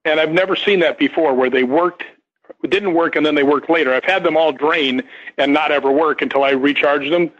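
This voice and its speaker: Through dull, lo-fi radio sound comes an older male guest, a stunt performer, whose fairly high, fairly bright voice moves a little fast. He meanders through a long anecdote, restarting and repeating words often during the casual interview.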